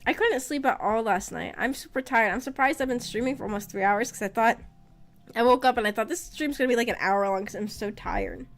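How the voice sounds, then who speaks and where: Giggly woman streamer, a bit hoarse. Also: on the high side, brisk. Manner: rambling, giggly, often breaks into laughter. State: slightly rough voice after illness. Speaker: VTuber streamer. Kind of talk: casual live-stream chat.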